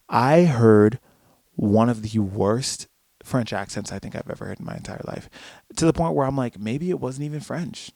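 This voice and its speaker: Man, podcast host, solo commentary, gravelly, fairly high voice, animated and profane, dry close mic. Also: no echo. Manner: animated, profane ranting with quoted asides.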